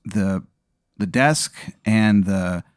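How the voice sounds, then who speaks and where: A man's voice: lowish voice, extremely slow, no room sound, clean studio sound. A man in casual chat, answering a hypothetical by acting out his own panicked reactions and swearing freely. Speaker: podcast co-host answering a hypothetical.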